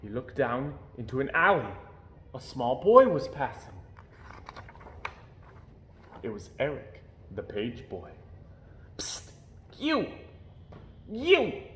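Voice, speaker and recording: A man reads a children's storybook aloud with expressive storytelling. His pitch rises and falls freely. The room around him sounds roomy. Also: moderate pace, slight background noise. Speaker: storybook reader. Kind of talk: children's book read-aloud. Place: home during quarantine.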